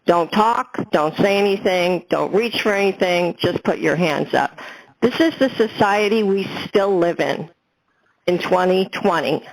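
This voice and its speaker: A woman speaking at a town hall, measured and hesitant, often pausing with fillers. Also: fairly low pitch, gravelly. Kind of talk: personal statement.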